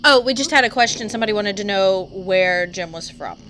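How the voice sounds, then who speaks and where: A woman's voice: mid-range voice, expressive, a little fast, a bit bright, a little hiss or hum. A woman from North Louisiana, co-hosting a stream and relaying chat questions playfully.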